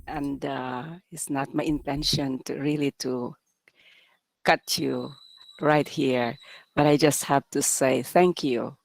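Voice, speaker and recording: A woman instructor giving brief, courteous closing remarks in a slow, halting way. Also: rumbling low, steady tone, gravelly, no echo.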